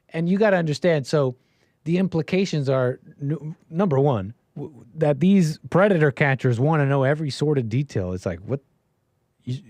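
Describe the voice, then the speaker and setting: A man hosting a livestream, ranting in commentary style with animated bursts and lots of restarts. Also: a little high, no room sound. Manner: animated, rapid restarts, sudden loud bursts. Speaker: livestream host.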